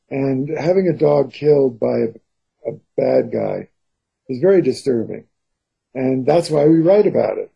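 A man's voice: a little high, gravelly, warm tone, breathy edge, low-quality recording. A novelist speaking earnestly in an interview, describing how he hears his characters. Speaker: novelist and co-author. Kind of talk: interview conversation.

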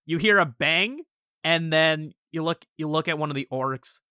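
A man's voice: a little high, normal speed, bright, forceful tone, clean tone, dry recording. A man running a tabletop game, telling the scene in a loose, joking way and laughing between lines. His voice sounds dry and close to the mic, with no room around it. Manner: laughs often, casual with fillers. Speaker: game master.

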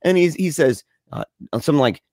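A man telling a story in casual chat with a co-host, animated and slangy, laughing often as he talks. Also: on the high side, a little fast, no room sound, clean studio sound. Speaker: podcast co-host.

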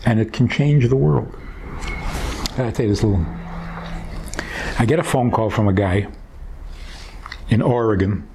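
A man's voice: on the low side, unhurried, vocal fry, long pauses, noisy background. A man speaking as a rabbi, giving a teaching talk in a conversational, wry way with stories woven in.

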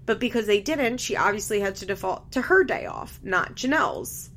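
A woman's voice: mid-range voice, big pitch swings, normal speed, fairly bright tone. A young woman chatting casually as she recaps a reality show, candid, laughing often and swearing freely. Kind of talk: casual chat.

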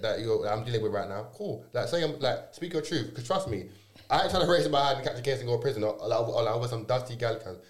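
A young man in casual podcast chat, using slang and lots of quick agreeing fillers. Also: medium pitch, roomy sound.

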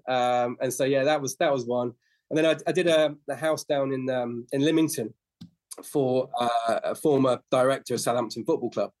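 A man in his fifties or sixties, sitting in as a podcast guest. He tells rambling anecdotes in a casual, conversational way, often stopping to restart a sentence. His voice sits at an ordinary middle pitch for a man. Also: a little mellow. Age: 50s to 60s. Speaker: podcast guest, flooring business owner. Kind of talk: casual interview storytelling.

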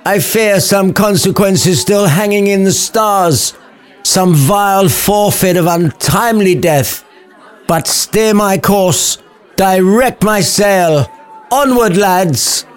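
A man's voice: sits high, slow pace, clear, resonant tone, faint music behind, some chatter behind, voice pushed up. A man voicing a melodramatic, lovesick young nobleman in a comic storybook retelling, theatrical and mopey.

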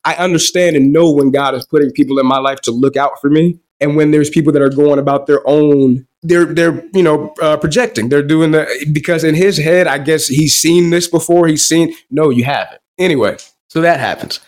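A young man hosting a podcast, telling a personal story in a wry, animated way and quoting the back-and-forth. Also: fairly high pitch, moderate pace. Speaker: podcast host. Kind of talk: solo storytelling monologue.

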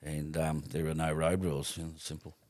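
A man's voice: a bass voice, little pitch movement, brisk, darkish tone, no echo. A middle-aged Australian man telling stories on a podcast as a guest, swearing freely and rambling with restarts. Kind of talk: casual storytelling.

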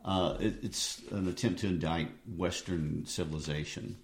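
A man hosts a discussion about a play, asking measured, prompting questions. His voice is very deep. The recording has a noticeable roomy echo. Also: fairly even intonation. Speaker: host. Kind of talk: conversational interview.

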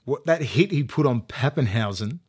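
A man's voice: medium pitch, animated, normal speed, a little mellow, husky. A man, a former rugby league player, ranting heatedly and profanely in casual podcast chat with lots of fillers.

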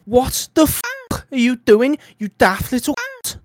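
A man's voice: extremely high pitch, measured pace, voice pushed up. A man doing an outraged Scouse driver. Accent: put-on Scouse. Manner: shouting insults. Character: outraged foul-mouthed Liverpool driver.

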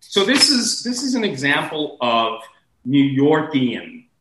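Animated American man, roomy sound. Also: slow, very noisy. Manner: animated, rambling, swoops in pitch. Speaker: guest speaking on accents. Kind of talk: casual discussion.

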